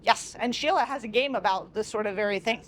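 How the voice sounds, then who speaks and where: A woman's voice: mid-range voice, brisk, slight background noise. A young adult woman leading a workshop on a train in a chatty, informal way, often acting out quoted dialogue. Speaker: workshop facilitator. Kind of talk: casual workshop teaching. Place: train car with a view.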